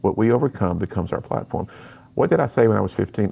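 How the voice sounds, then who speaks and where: A middle-aged man, a guest on a radio interview, telling his personal story in an earnest, animated way and acting out the lines he quotes. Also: lowish voice, quick pace, vocal fry, husky. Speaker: radio guest, speaker to students.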